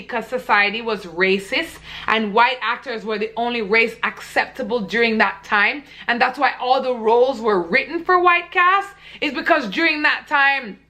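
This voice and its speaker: A woman's voice: fairly high pitch, normal speed, few pauses, pushed and bright. A young woman vlogger ranting to camera in a blunt, heated, profane way. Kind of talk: casual vlog rant.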